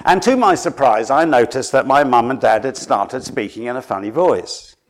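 A man from Suffolk in England, preaching a sermon in a dramatic storytelling way that drops to a hush and then rises for emphasis. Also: medium pitch, lively intonation, normal speed.

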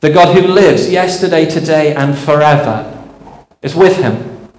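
Earnest male preacher, slightly high voice, reverberant room. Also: a little slow, a little mellow. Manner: earnest, storytelling, with rhetorical questions. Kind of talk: sermon.

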